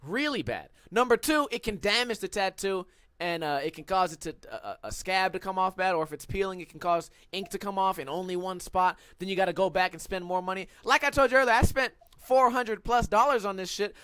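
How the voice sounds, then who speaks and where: A young man telling a story on a casual podcast, swearing and ranting with animated energy. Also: sits high, fairly quick, smooth, no echo. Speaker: podcast co-host.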